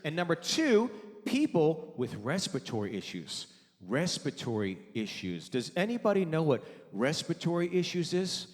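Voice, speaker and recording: Man, stand-up comedian, storytelling, acting out dialogue, a bit high-pitched, reverberant live hall. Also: very animated, moderate pace. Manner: conversational storytelling, acting out both sides of dialogue. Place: theater stage before a live audience. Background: audience laughter.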